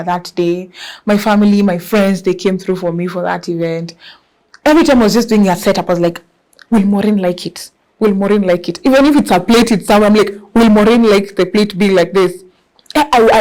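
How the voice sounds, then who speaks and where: Guest role: young Kenyan woman, Kenyan accent, lively expressive storyteller, mid pitch. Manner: lively and expressive, mixes in Swahili words. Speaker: guest entrepreneur. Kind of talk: casual storytelling interview.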